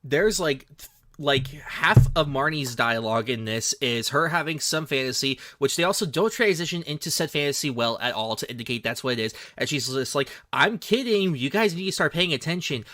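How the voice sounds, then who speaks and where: A man's voice: mid-range voice, a little fast, sharp tone, no room sound, clean studio sound. A man co-hosting a podcast, recapping a movie with wry, sarcastic asides. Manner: wry, sarcastic, mock-quoting. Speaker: podcast co-host. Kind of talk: casual chat recapping a movie.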